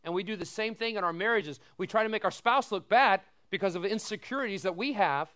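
A middle-aged man giving a sermon as pastor, telling folksy stories with animated quoted voices and asking the congregation "amen?". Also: high-pitched, brisk.

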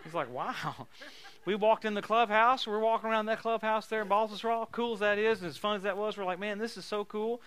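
Bright-voiced animated male preacher. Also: sits high, a little fast, clear, resonant tone. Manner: animated, folksy, laughing storytelling. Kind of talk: sermon with storytelling.

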